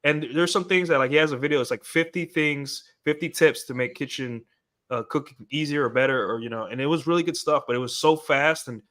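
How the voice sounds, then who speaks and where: A man's voice: a little high, fairly quick, a bit bright. A man co-hosting a podcast, talking in a loose, rambling way with many restarts. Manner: rambling, full of restarts and fillers. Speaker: podcast co-host. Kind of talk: casual podcast discussion.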